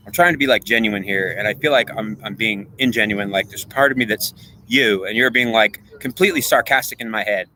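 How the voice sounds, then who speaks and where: A man's voice: fairly low pitch, brisk, pushed and bright, slight background noise. A man in a rambling, emotional monologue, pleading with an unseen goddess in an agitated, repetitive way. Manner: addresses an unseen goddess directly.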